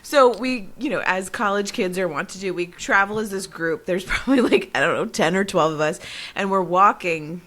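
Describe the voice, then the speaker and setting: A woman's voice: mid-range voice, normal speed, fairly bright tone. A young woman co-hosting a podcast, telling a story in casual chat and laughing often as she goes. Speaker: podcast co-host.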